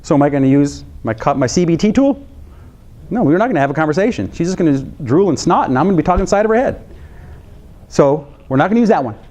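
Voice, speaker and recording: This is a middle-aged man from the United States, a psychologist speaking to counselors, who speaks quickly in a slightly high voice. He tells a story with real animation, playing his daughter's reactions through laughs and gasps.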